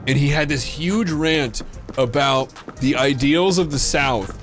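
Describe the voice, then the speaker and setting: A man with a fairly high voice hosts a gaming livestream, telling a story slowly and casually over background music. Swearing comes easily to him, as do fillers and false starts.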